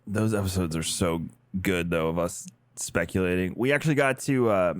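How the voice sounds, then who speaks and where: A man's voice: low-pitched, normal speed, no room sound, studio quality. A man co-hosting a casual podcast, joking around and breaking into silly voices. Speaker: podcast co-host.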